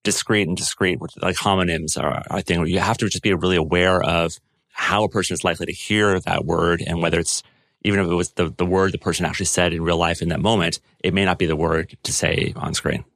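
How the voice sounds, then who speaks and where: A man's voice: low voice, steady tone, fast, vocal fry, fairly bright tone, no echo. A man co-hosting a podcast in casual chat, thoughtful, working through ideas aloud. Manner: thoughtful, with fillers and restarts. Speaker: podcast co-host.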